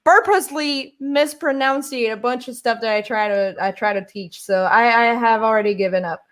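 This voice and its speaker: Woman, Brazilian accent, fairly high voice, lively casual chat, restarts a lot. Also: moderate pace. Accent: Brazilian Portuguese. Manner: animated storytelling with many restarts.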